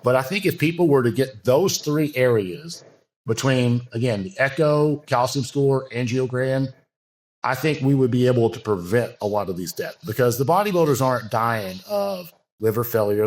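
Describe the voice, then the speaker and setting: A man's voice: medium pitch, animated, moderate pace. Earnest man talking in loose run-ons. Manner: earnest, talks in loose run-on sentences with many fillers. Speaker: bodybuilding coach and podcast guest. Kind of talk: casual podcast conversation.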